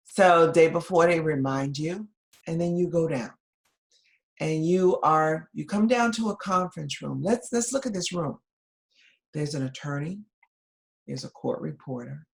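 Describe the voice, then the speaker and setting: A woman giving a recorded lecture, telling a scenario to her listeners in lively storytelling and acting out the people in it. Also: low voice, a little slow, creaky, long pauses. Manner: addresses listeners directly, repeating key points.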